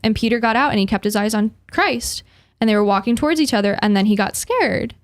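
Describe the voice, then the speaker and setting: A woman's voice: on the high side, fast talker. A woman in her twenties, a podcast guest, chatting casually and animatedly, often acting out what people say. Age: 20s. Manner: animated, chatty, acts out quoted voices. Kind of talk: casual interview chat.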